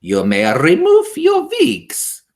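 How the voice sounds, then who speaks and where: A man voicing a domineering old female witch leader in a storybook reading, giving slow, harsh, barked commands with rolled R sounds. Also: high-pitched, huge pitch swings, gravelly, fairly bright tone, husky, voice pushed up, full character voice. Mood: commanding. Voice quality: harsh, grating voice.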